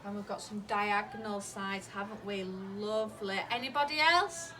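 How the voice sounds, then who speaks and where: A woman teaching a maths lesson to a class of young children, slowly asking questions, encouraging their answers and repeating them back. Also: medium pitch, background noise. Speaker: early years teacher.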